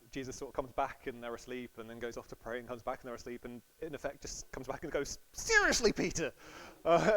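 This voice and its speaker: A man's voice: mid-range voice, rough recording. A man preaching a sermon in a casual, storytelling way, acting out quotes playfully.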